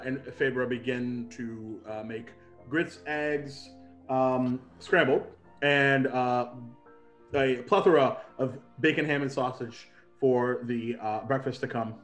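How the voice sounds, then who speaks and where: A man's voice: medium pitch, steady tone, slow, a bit bright, soft background music. A man narrating a tabletop game as dungeon master, loose and full of fillers.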